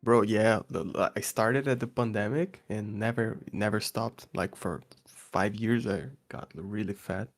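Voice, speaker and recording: Animated man who keeps saying bro. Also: lowish voice, unhurried. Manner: animated, repeats words, says bro a lot. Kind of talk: casual chat.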